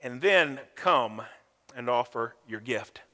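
A man's voice: mid-range voice, animated, slow, bright, forceful tone, in a large hall. A man preaching a sermon as pastor, emphatic and repeating his words, calling on the congregation to answer back.

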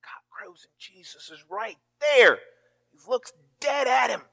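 A pastor preaching a sermon, telling the story with feeling and acting out the lines of the people in it. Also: male voice, extremely high pitch, sing-song, measured pace, vocal fry, sharp tone.

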